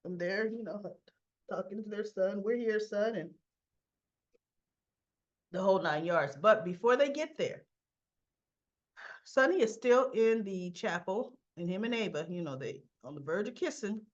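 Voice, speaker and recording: A woman casually recapping a soap opera episode, acting out the characters' lines, with a cough and frequent throat clearing. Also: mid-range voice, lively intonation, unhurried, pauses often, muffled recording. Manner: chatty, acts out characters' lines in quotes.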